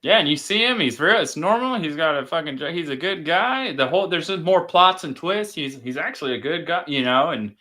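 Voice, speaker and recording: A man's voice: a little high, lively intonation, brisk, few pauses, pushed and bright. A man in casual chat, hosting and retelling a movie in a rambling, profane way. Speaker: podcast host.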